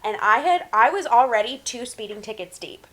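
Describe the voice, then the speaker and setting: A young woman sits in as a podcast guest and tells a story in casual chat. Her voice sits a little high. She acts out each person in the story as she goes. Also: normal speed, low-quality recording. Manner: animated, dramatic retelling with quoted voices.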